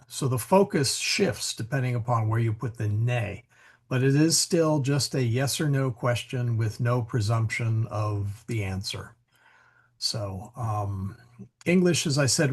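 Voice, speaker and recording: A man's voice: medium pitch, slightly rough. A man teaching a Latin class, explaining grammar as he thinks aloud, with many fillers and restarts.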